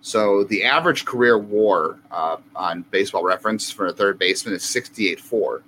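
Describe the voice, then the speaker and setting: A man's voice: lowish voice, normal speed, bright, forceful tone, a little hiss or hum, poor audio. A man co-hosting a casual sports podcast, thinking aloud about numbers with many fillers. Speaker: podcast co-host.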